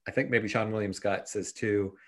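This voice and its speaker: A man casually discussing a film with a co-host in a relaxed, thoughtful way. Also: on the low side, normal speed. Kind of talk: casual film review chat.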